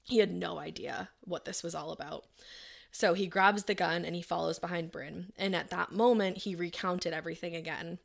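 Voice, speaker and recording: Gravelly-voiced woman telling a crime story. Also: fairly low pitch, fairly even intonation, moderate pace. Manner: chatty, quoting people in her own voice, many "like"s. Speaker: podcast co-host telling the case. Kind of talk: casual true crime storytelling.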